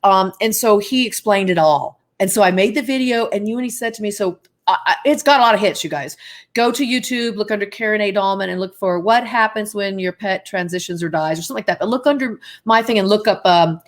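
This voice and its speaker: A talkative woman appears as a psychic medium guest on a live show, heard over a video call. She speaks directly to the viewers. She wanders from point to point in a warm, unscripted way. Her pitch sits in a middle range. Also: fairly quick. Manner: chatty, digressive, speaks straight to viewers. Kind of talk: casual live interview.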